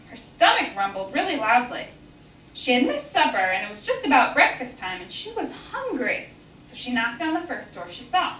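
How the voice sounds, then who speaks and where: A woman telling stories live at a festival in a lively, animated way, voicing the characters as she goes. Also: high voice, slight background noise. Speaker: storyteller. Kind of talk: live storytelling. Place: festival stage. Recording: roomy live hall, distant mic.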